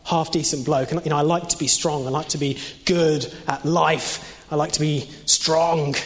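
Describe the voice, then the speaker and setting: A man's voice: fairly high pitch, fairly even intonation, normal speed. A young man preaching an informal sermon in a conversational way, with many fillers and restarts. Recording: long reverb of a hall.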